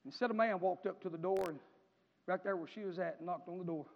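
A man preaching a sermon as pastor, in a folksy storytelling manner that swells into impassioned shouting. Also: sits high, a little fast, creaky, noisy background. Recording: echoey hall, dull lo-fi sound.

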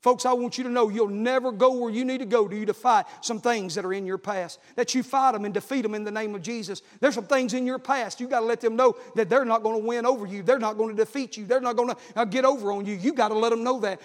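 High-voiced preacher in an echoing church. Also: male voice, fast, few pauses. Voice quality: high-pitched, preaching cadence with repeated phrases. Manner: builds from conversational to shouted, half-sung climaxes. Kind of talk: sermon. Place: church sanctuary.

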